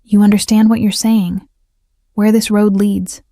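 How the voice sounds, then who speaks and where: A woman reading the lines of a rough, hulking male mafia enforcer, terse and gruff. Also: mid-range voice, little pitch movement, measured pace, mellow, no echo.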